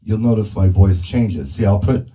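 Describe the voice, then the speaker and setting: Indoors, a man who works as a mobile DJ checks his gear, speaking into a handheld dynamic mic routed through a PA speaker and musing casually as he adjusts settings. He has a lowish, warm voice at a moderate pace, captured in poor audio.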